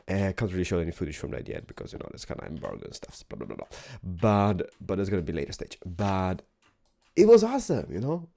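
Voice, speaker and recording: Animated man with a tired morning voice. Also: on the low side. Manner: rambling, animated, repeats words, drops into whispers. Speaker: gaming video host. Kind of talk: casual gameplay commentary.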